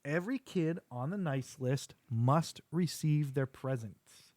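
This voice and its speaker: Casting a middle-aged dad host, higher-pitched voice, very dry close sound, quotes characters as he tells the scene. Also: slow pace, a little mellow, no room sound. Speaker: podcast host. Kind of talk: casual chat with his son.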